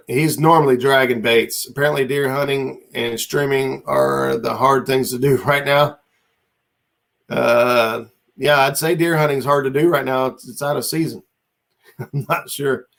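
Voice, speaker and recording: Gravelly laid-back man hosting a stream. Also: medium pitch, steady tone, moderate pace, a bit bright. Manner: laid-back, rambling, reads out viewer comments. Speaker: livestream host. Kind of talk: casual livestream chat.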